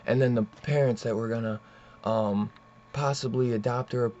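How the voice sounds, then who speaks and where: Brief: young male reviewer, loose and profane, mid-pitched, slightly muffled lo-fi sound. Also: steady tone, moderate pace, darkish tone. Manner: rambling, profane plot retelling with many fillers. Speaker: comic book reviewer. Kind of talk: casual comic book review.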